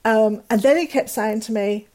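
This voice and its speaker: A woman's voice: a little high, normal speed, mellow. A middle-aged woman, a guest telling a painful personal story candidly and acting out the dialogue of others.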